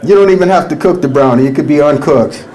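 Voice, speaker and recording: High-voiced man doing stand-up, roomy sound. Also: fast. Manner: animated, rambling, lots of "you know". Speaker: stand-up comedian. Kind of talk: stand-up comedy set. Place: comedy stage.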